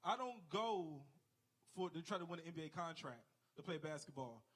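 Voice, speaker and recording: High-voiced male stand-up comic. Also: lively intonation, moderate pace, a bit bright, slightly rough. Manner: storytelling, acts out people with exaggerated voices. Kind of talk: stand-up comedy set. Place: comedy club stage.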